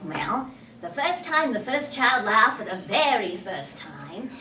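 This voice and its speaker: A woman's voice: on the high side, very animated, slow, pushed and bright, heavily acted. A woman voicing a cocky, boastful boy who never grows up, in a roomy hall from a distance. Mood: earnest.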